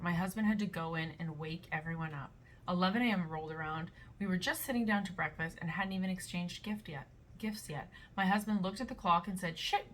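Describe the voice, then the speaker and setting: Blunt, animated twenties woman host, bright forceful tone, slightly low pitch. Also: slight background noise. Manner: blunt and animated, with playful voices. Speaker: reaction video host. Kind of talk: casual chat reading online posts.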